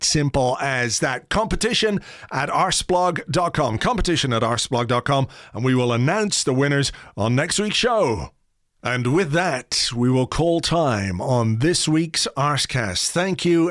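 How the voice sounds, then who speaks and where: A male podcast host reading out links and sign-offs in a chatty, jokey way, spelling things out slowly. His voice sits a bit high for a man and sounds close and dry. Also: no room sound.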